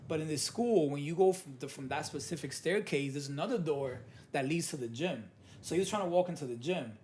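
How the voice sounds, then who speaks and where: A man's voice: a little high, a little fast, darkish tone, a little hiss or hum. A man, a podcast guest telling stories in a loose, rambling way full of fillers and restarts. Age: late 20s. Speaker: guest, program supervisor in education. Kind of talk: casual podcast chat, storytelling.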